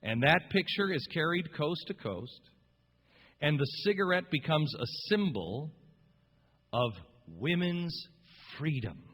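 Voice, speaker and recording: A man's voice: on the high side, big pitch swings, slow, a bit bright, breathy edge. A man hosting a talk radio show, telling a story in an impassioned, rambling, emphatic way. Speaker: radio host. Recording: long reverb.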